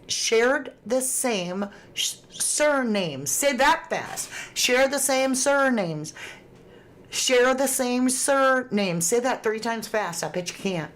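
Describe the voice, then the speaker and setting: A woman hosting a casual livestream, chatting and reading viewer comments aloud with frequent laughs. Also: medium pitch. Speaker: true crime livestream host.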